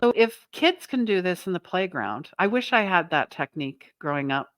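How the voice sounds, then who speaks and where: A woman's voice: fairly low pitch, expressive, moderate pace, a bit bright, no room sound. Earnest woman giving motivational advice. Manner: earnest and emphatic, asks listeners "right?". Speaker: self-help channel host. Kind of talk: motivational talk to camera.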